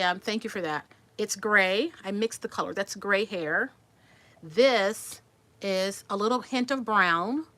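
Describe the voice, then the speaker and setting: Bright-voiced chatty woman in her sixties. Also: medium pitch. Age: 60s. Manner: chatty, repeats and restarts words, answers comments. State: resting after surgery. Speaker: vlogger. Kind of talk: casual storytelling to viewers.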